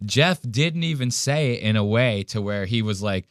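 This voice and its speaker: A man's voice: lowish voice, animated, normal speed, clear, resonant tone, no room sound, studio quality. A man hosting a podcast, ranting and mocking a clip in profane casual commentary. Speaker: podcast host reacting to a clip.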